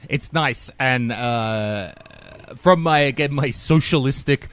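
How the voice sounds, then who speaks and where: A man's voice: mid-range voice, takes it slowly, a bit bright, clear, resonant tone. A man from Europe hosting a casual podcast, teasing his guest with dry humor. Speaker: podcast host.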